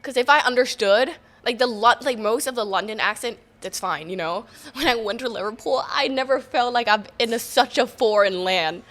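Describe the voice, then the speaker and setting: Twenties woman from Thailand, bright and slightly high voice, easygoing and giggly guest. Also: moderate pace, hardly any pauses. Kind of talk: casual chat.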